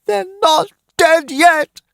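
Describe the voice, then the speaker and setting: A shrill, frantic mother begging and screaming for her children, her voice pitched far up and straining, as a man reading aloud puts her on. It sounds dry and close, like a storybook recording. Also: slow pace, gravelly, fairly bright tone, no echo, heavily acted. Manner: pleading, screaming, sobbing prayer. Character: desperate woman, a frantic mother.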